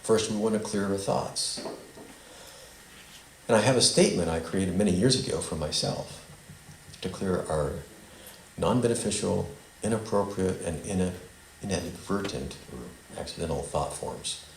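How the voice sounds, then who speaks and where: A man's voice: low voice, lively intonation, measured pace, gravelly. A man teaching a small group at a spiritual center in a meandering way, leading them in a repeat-after-me statement. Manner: meandering, leads call-and-response recitation. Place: meeting hall of a spiritual center. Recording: echoey hall with faint noise.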